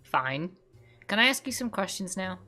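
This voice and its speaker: A woman voicing a calm, dry frog detective in a flat, patient way while reading a game aloud. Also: medium pitch, normal speed, soft background music.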